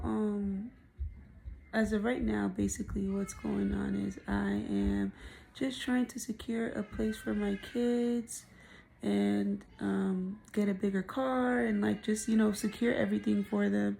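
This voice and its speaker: A woman's voice: mid-range voice, vocal fry, dark tone, a little hiss or hum. Breathless pregnant woman in her thirties, candid diary. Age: 30s. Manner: candid, rambling, frequent ums. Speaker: vlogger. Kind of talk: video diary chat. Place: parked car, then at home.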